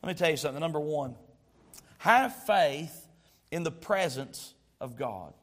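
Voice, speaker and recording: A man's voice: fairly high pitch, animated, a little slow. A man preaching a sermon as a pastor, stretching out key words for emphasis and telling stories with humor. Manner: storytelling with humor.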